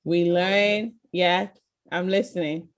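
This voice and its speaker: A woman's voice: fairly low pitch, fairly even intonation, slow. A woman presenting an interactive online class over a video call. She is encouraging and keeps quizzing her listeners, asking "okay?" and "right?". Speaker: virtual tour presenter.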